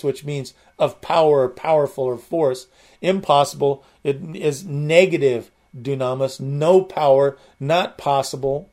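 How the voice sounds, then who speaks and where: A man's voice: a little high, a little mellow. A man preaching a sermon, explaining the meanings of words with enthusiasm and frequent restarts. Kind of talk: sermon teaching.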